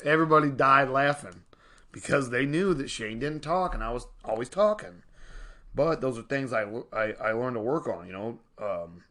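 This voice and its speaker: A man, casually rambling about his life and a self-help book, talking to viewers as y'all. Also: mid-range voice. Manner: rambling, animated, addresses viewers as y'all, frequent laughs. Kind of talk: casual personal storytelling and reflection.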